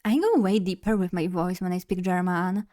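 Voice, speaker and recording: A young woman with a lowish, mellow voice chats casually on a live stream. Her first language is Polish, and she tends to ramble, joke about herself, and laugh readily.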